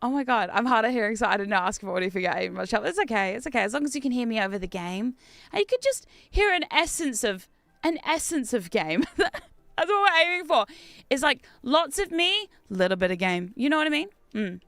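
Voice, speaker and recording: An Australian woman streaming a game, chatting casually with viewers in an excitable, talkative way and laughing often. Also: a little high, brisk, creaky, dry recording. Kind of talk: casual gameplay chat with viewers.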